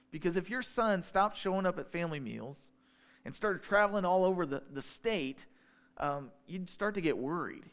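A man preaching a sermon in a relaxed conversational way, slowing down when he reads scripture. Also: fairly high pitch. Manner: conversational, slows down to read scripture. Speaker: pastor.

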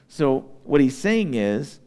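A man's voice: medium pitch, very animated, slow, mellow, clear, resonant tone. A man preaching a sermon as a pastor, talking in a conversational way and checking in with his listeners.

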